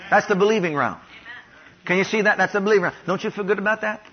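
Male preacher from Ohio, high voice, leads call-and-response declarations; dull lo-fi recording. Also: quick pace. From Ohio, USA. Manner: has the congregation repeat declarations after him; rises louder and higher on repeated declarations. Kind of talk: sermon. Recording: dull lo-fi sound.

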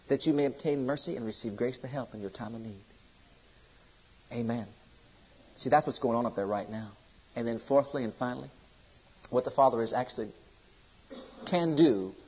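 Husky-voiced man preaching fervently. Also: lo-fi sound. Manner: fervent, swinging from loud exhortation to low intensity. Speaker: pastor. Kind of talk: sermon.

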